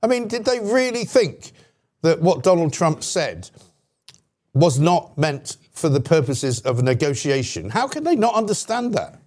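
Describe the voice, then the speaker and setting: A man's voice: fairly high pitch, very animated, unhurried, darkish tone. A British man hosting a political talk show, ranting sarcastically about the media. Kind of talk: opinionated political commentary.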